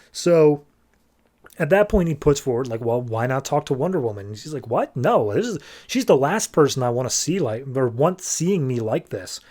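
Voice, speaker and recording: A comic book podcast host with a mid-range, slightly mellow voice casually retells a story, loosely paraphrasing what the characters say and using "like" constantly.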